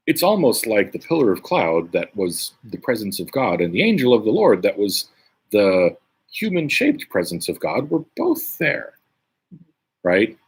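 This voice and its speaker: A man's voice: fairly low pitch, slightly rough. A man leading a casual Bible study, reading scripture aloud and commenting conversationally with frequent "right?" tags. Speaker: Bible teacher.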